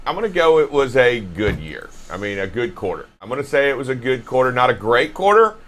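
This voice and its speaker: A man's voice: medium pitch, sing-song, fairly quick, fairly bright tone. A man hosting a live morning talk program with a mid-range voice. He opens in an upbeat announcer style, then settles into easy, casual banter with his co-host. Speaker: radio show host.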